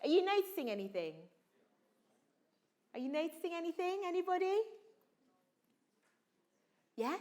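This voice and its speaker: A woman's voice: very high-pitched, very animated, normal speed, pauses often, darkish tone. A woman leading a drama workshop for students, coaxing the group with constant questions and urging them to be bold. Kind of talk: energetic acting workshop coaching. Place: school hall or conference room.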